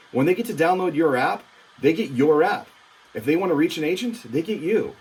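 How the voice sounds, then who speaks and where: A man's voice: a little high, a little mellow, breathy edge. Upbeat man giving a training walkthrough. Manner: upbeat and emphatic, with frequent fillers. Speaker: real estate technology trainer.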